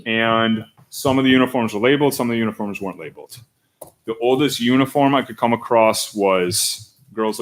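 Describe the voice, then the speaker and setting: A man at a school board meeting, explaining budget figures and talking his way through them with restarts and pauses. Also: on the low side. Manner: hesitant, thinking aloud with restarts. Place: meeting room.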